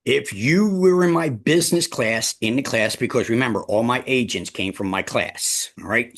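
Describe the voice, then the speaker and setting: A man leading a real estate team meeting, emphatic and repetitive, often addressing the room as ladies and gentlemen. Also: medium pitch. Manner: emphatic, repeats key phrases, addresses listeners as ladies and gentlemen. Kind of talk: motivational team meeting talk.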